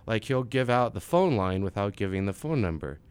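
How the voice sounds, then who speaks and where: Joking young radio host, lowish voice. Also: male voice, lively intonation, a little fast, a little mellow, clear, resonant tone. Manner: jokey, laughs often. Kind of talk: casual college radio chat. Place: radio studio.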